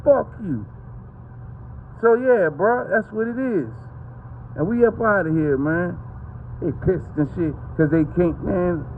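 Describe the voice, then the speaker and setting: A man's voice: high voice, lively intonation, slow pace, long pauses, narrow, tinny audio, slight background noise. A man, ranting to camera in a heated, profane, rambling way. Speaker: vlogger.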